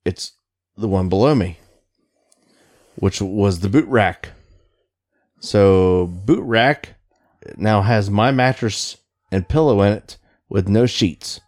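Foul-mouthed Navy veteran telling a story. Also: male voice, on the low side, slow pace, long pauses. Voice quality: swears constantly, animated storytelling. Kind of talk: casual profane chat.

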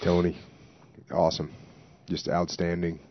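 Very deep, deliberate male host. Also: level tone, slight background noise. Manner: deliberate, slow emphasis on key words. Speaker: podcast host. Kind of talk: casual conversation. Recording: dry, dull lo-fi recording.

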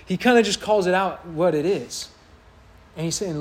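Conversational male preacher, slightly high voice. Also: a little fast. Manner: conversational, mocks voices when quoting. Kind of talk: sermon.

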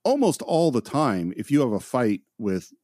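Man, podcast co-host, lively pitch, dry close sound, casual film chat. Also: normal speed, no echo. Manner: animated, retells scenes.

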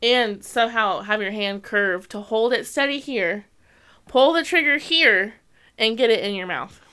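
A woman's voice: on the high side, measured pace, smooth. A woman co-hosting a podcast, chatting casually and animatedly, telling stories and putting on voices. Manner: animated, laughing, storytelling with voices. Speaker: podcast co-host. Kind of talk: casual chat.

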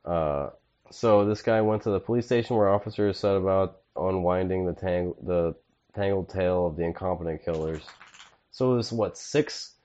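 Low-voiced dude cohosting a podcast, chill and jokey, kinda muffled lo-fi audio. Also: male voice, moderate pace, dark tone. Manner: laid-back, keeps saying dude. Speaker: podcast co-host. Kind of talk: casual comedic chat.

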